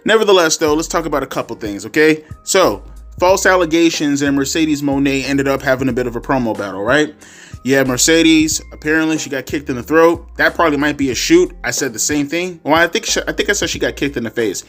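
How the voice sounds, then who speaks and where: A man's voice: on the high side, fairly quick, a bit bright, soft background music. A man ranting sarcastically and profanely about a wrestling show in a casual vlog. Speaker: wrestling commentary vlogger. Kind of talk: profane rant.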